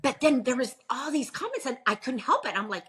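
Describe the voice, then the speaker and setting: Husky-voiced middle-aged woman telling stories. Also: sits high, fairly quick. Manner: animated storyteller, laughs often. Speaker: pastor and podcast guest. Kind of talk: casual interview chat.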